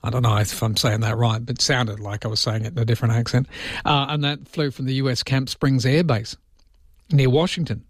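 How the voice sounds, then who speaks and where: A man hosting overnight talk radio, chatting casually and breaking into jokey, self-mocking asides. His voice sits in a middle pitch. It is recorded close and dry on a studio microphone. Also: steady tone, a little fast, no room sound.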